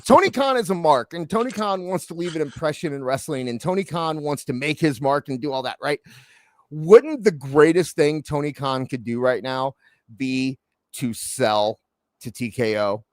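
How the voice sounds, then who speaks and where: Guy hosting wrestling talk, lively up-and-down voice, lots of restarts, dry sound. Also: on the high side, normal speed, no echo. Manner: animated, stammering restarts. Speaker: wrestling podcast host. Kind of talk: casual chat.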